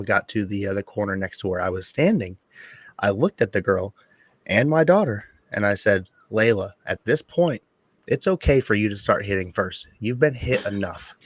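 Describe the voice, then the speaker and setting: A man tells a story in a fired-up, profane, blunt way. His voice sits a little low and the recording is dry and close, with no room sound. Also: normal speed, dry recording. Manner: blunt, profane, animated retelling. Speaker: podcast co-host and father. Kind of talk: casual chat, storytelling.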